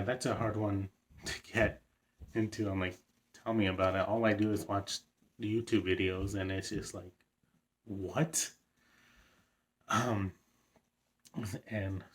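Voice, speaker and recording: A young vlogger speaks casually to the camera, telling a story in a low voice. He sounds fairly flat and even, rambling with many fillers and now and then an excited chuckle.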